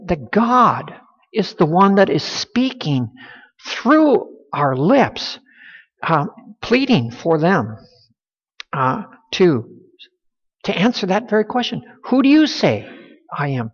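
A man with a husky, slightly breathy voice delivers a sermon in earnest, often doubling back on his words as he goes. The recording sounds a bit dull and muffled, and it carries a long, echoing reverb from the hall. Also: high voice, sing-song, slow, a bit bright. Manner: earnest, with frequent repeated words and restarts. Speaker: preacher.

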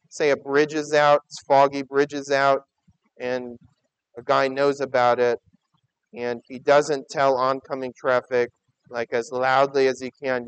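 A man preaching a sermon as pastor, conversational and emphatic, swinging from loud urgings to quiet, intimate asides. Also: medium pitch, clean tone, no echo, low-quality recording.

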